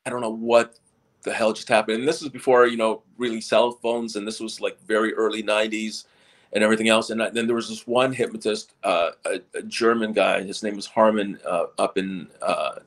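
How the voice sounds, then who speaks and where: A man's voice: on the low side, level tone, brisk. A middle-aged man, a stage hypnotist, telling stories in a casual interview and often repeating and restarting his words.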